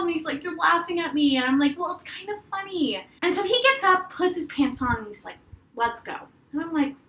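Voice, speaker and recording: A woman's voice: sits high, reverberant, poor audio. A young adult woman telling a story vlog-style into a webcam, swearing freely and acting out quotes. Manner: animated, profane storytelling with acted-out quotes. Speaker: vlogger.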